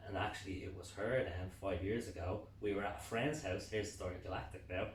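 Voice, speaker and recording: An excitable Dublin man with a somewhat low voice tells a story as a podcast guest, swearing freely as he goes. He sits back from the microphone in an echoey room, with a faint hiss of noise behind him. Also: quick pace, recorded from a distance. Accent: Dublin Irish. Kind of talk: casual podcast interview storytelling.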